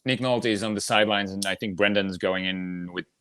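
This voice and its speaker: A man's voice: fairly low pitch, steady tone, brisk, fairly bright tone, smooth, dry recording. A man co-hosting a casual movie podcast, talking in a hesitant, slightly nervous way with many fillers. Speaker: podcast co-host.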